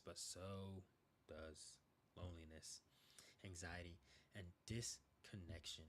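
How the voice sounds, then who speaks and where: A young man hosting a podcast in a casual monologue, animated and rambling, acting out quotes as he goes. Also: sits low, a little hiss or hum. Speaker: podcast host.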